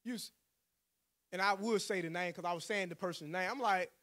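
A man's voice: high voice, a little fast, fairly bright tone. A male pastor, telling a personal story in a sermon, acting out the voices he quotes and laughing often.

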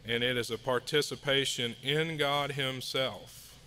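A man giving a sermon at a house church, reading scripture and hymn lyrics in a measured way. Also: medium pitch, fairly even intonation, sharp tone, a little hiss or hum. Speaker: lay preacher. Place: house church meeting room.

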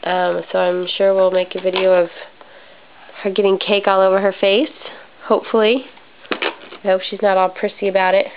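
A young adult mother films a family update in her home living room, chatting casually and rambling a little with frequent ums. Her medium-pitched voice is fairly flat and moderately paced, and the slightly dull, lo-fi home video has a little hiss or hum.

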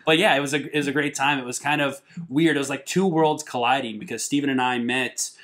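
A man's voice: medium pitch, steady tone, fairly quick, fairly bright tone. A young man from Minnesota, a musician, chatting casually and joking with a friend, laughing often. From Minnesota, USA. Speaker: guest, musician. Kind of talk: casual chat.

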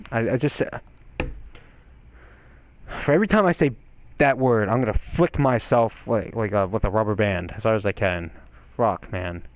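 A young man giving excitable gameplay commentary, swearing and yelling at the game. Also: lowish voice, no echo, dull audio. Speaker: gaming channel host.

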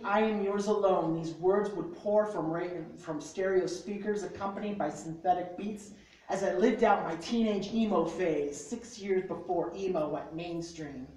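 A woman's voice: low voice, mellow, slight background noise. A woman reciting spoken word poetry at a small live venue, with rhythmic, emphatic delivery. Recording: very echoey room, mic from far off.

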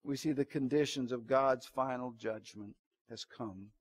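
A pastor giving an evening church sermon, preaching dramatically and swinging between loud emphatic lines and low hushed asides. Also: male voice, steady tone, measured pace, slightly rough.

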